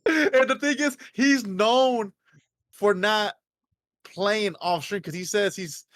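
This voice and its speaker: A young man with a high voice chats casually about games. He stammers and restarts as he asks his co-host questions. The sound is dry and close. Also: slow, a bit bright, no echo. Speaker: podcast co-host. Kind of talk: casual gaming chat.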